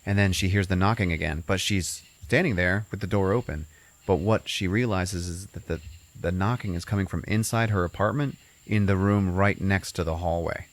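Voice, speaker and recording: A man's voice: deep voice, normal speed. A man hosting a podcast, casually retelling a movie plot in a rambling, profane way full of fillers. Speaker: podcast host.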